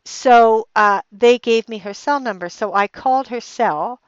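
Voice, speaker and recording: A woman's voice: a little high, a little slow, clear, resonant tone, dry recording. A middle-aged woman hosting a podcast, telling a personal story in a rambling way with lots of restarts and fillers, getting heated and emphatic. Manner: heated and emphatic when retelling anger. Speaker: podcast host. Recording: dull, lo-fi dry recording.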